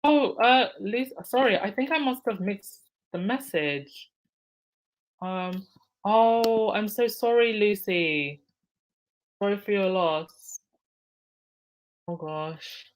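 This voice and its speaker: A woman's voice: medium pitch, takes it slowly, pauses often, poor audio. Chatty woman hosting a live chat. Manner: chatty, laughs often, addresses viewers by name. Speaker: livestream host reading chat. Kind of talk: casual live chat commentary.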